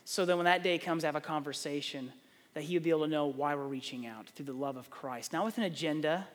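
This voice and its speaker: A man's voice: on the high side, quick pace, big-room sound. A middle-aged man, preaching a sermon, telling stories and acting out the dialogue. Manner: animated storytelling, acts out dialogue. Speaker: pastor.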